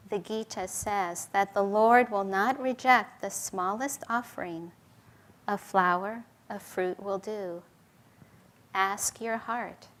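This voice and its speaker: A middle-aged woman giving a devotional talk, telling a story to the group in a gentle, earnest way. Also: medium pitch. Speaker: spiritual teacher.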